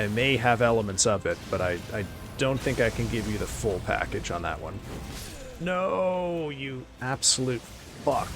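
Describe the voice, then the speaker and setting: A Canadian man chatting casually with his stream chat while playing a game, wry and prone to joking swears. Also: low voice. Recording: game music playing behind.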